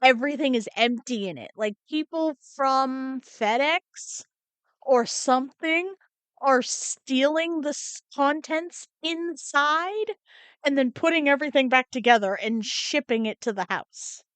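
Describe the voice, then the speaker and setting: A woman's voice: high voice, a little slow, no echo. A woman co-hosting a podcast, chatting casually with many fillers and murmured agreement. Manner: relaxed, chatty, lots of "like" and "mm-hmm". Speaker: podcast co-host. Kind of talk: casual chat.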